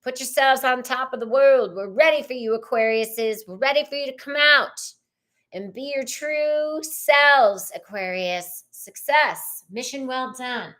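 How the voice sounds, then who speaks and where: A woman's voice: high-pitched, unhurried, fairly bright tone. A woman hosting a casual live tarot reading, chatty and rambling, greeting viewers by name.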